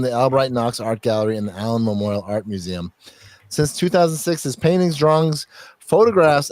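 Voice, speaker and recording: A podcast host with a mid-range, darkish voice reads contributor bios aloud in casual chat. He rambles and jokes, swearing and laughing throughout, and the recording is dry.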